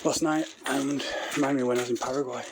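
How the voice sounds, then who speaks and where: A man with a steady, gravelly mid-range voice talks fast into a phone he holds while hiking an outdoor trail, rambling bluntly and out of breath as he walks uphill. He's a vlogger making a casual hiking vlog, and the phone recording picks up plenty of outdoor noise.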